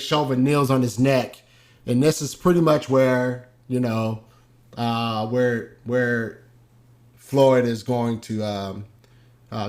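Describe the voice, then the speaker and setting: A man's voice: medium pitch, a bit bright. A man hosting a show, commenting casually on a video in a hesitant way, with many ums and restarts. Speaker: host.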